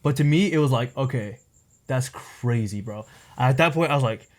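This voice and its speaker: A man's voice: medium pitch, normal speed. A young man on a podcast telling a long personal story in casual chat, rambling and packed with filler words. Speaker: podcast co-host.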